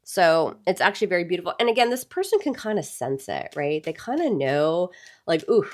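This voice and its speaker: A woman's voice: on the low side, big pitch swings, fairly quick. Chatty woman giving a tarot reading. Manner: chatty, addresses viewers as "y'all". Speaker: tarot reader. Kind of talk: casual tarot reading to camera.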